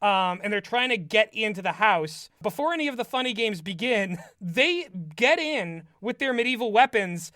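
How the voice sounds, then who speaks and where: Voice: medium pitch, lively intonation, normal speed, few pauses, bright, forceful tone, no echo, studio quality. A podcast co-host casually recapping a movie, rambling with many fillers and amused asides. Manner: rambling, heavy use of "like", amused.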